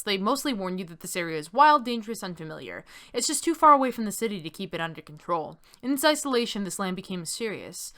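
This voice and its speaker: Reading a text game's story aloud during a relaxed let's-play, a young streamer laughs readily and fills her chatter with fillers. She speaks in a mid-range voice that sounds pushed and bright.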